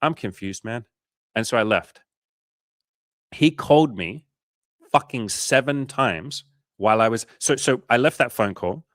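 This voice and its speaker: A man's voice: mid-range voice, unhurried, long pauses, dry recording, clean studio sound. A man hosting a coaching livestream, telling stories casually with lots of swearing and acted-out dialogue. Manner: animated storytelling, swearing, acting out quoted dialogue. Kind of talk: casual livestream chat answering viewers.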